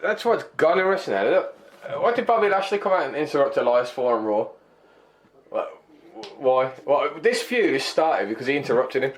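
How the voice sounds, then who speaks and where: A man's voice: medium pitch, lively intonation, normal speed. A man, chatting casually about wrestling as a podcast co-host, blunt and opinionated, swearing freely.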